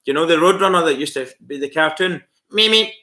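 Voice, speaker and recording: The livestream host is a Scotsman with a slightly high, somewhat bright voice who talks fast. Friendly and chatty in his Scottish accent, he responds to viewer comments casually, keeps calling people mate and laughs often.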